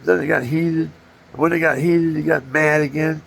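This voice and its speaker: An older man with a gravelly voice, rambling through personal stories and acting out punches with sound effects. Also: fairly high pitch, steady tone, moderate pace. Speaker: storyteller.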